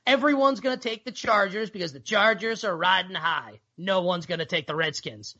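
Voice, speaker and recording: A man's voice: high-pitched, moderate pace, pushed and bright. A man on a sports betting podcast panel, talking in an emphatic, contrarian way. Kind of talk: casual sports betting chat. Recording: slightly muffled, husky podcast audio.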